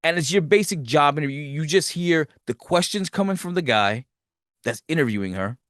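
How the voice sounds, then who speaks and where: Man, podcast host, swearing movie rant, fairly high voice, bone-dry sound. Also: moderate pace, no echo. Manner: profane, animated storytelling. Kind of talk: casual movie review rant.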